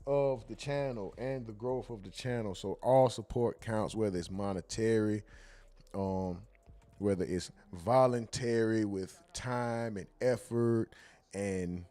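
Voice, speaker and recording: A man's voice: on the low side, dark tone, no room sound. Laid-back, profane male livestream host. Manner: loose, profane, slangy, drawn-out repetition. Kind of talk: casual livestream chat, reading donations.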